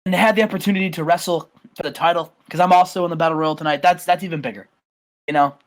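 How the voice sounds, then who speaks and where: A man voicing a proud, boastful male wrestling star cutting a rambling, halting promo in a game playthrough. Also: a little high, lightly acted.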